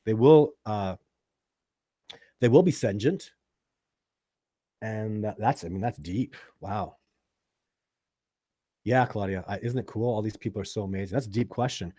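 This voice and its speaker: A man with a Canadian accent hosting a live stream, reading out viewer questions and answering them in a casual, excitable way. He jumps from loud enthusiasm to quiet musing. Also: on the low side, a little slow, pauses often, no echo, clean studio sound.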